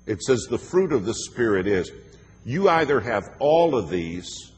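A middle-aged man delivers an emphatic, storytelling sermon in a church sanctuary, acting out quoted lines. His medium-pitched voice is very animated, slightly rough, and measured in pace. The reverberant hall carries faint noise.

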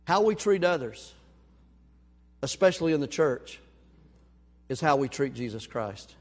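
A man preaching a sermon, telling a story with lively acted-out voices. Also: mid-range voice, unhurried. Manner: animated storyteller, acts out voices. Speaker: pastor. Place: church sanctuary. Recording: long hall reverb.

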